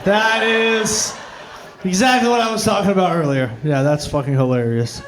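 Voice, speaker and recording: A man's voice: high voice, normal speed, a bit bright. A man acting as co-host, reacting to the stories with laughing quips. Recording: noisy and roomy.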